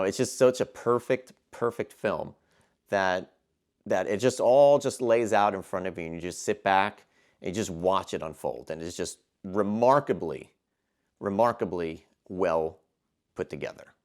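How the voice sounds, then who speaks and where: A man giving a casual film review monologue, enthusiastic and rambling, with frequent restarts and fillers. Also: fairly low pitch. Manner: enthusiastic, gushing.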